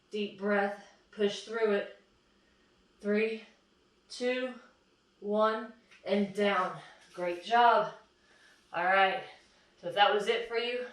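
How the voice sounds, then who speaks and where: A woman fitness instructor coaching a plank workout, encouraging and counting down reps while out of breath. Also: mid-range voice. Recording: echoey room, far from mic.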